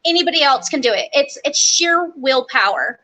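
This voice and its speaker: A young woman telling stories from army basic training in a casual interview, lively and quick, acting out the quotes. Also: high voice. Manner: animated, quick storytelling with acted-out quotes.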